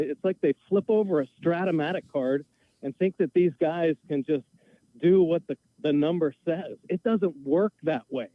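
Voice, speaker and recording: Ranting male caller, a bit high-pitched, on a thin phone line. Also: dry recording. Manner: exasperated, emphatic, ranting. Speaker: call-in guest. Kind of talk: heated sports opinion rant.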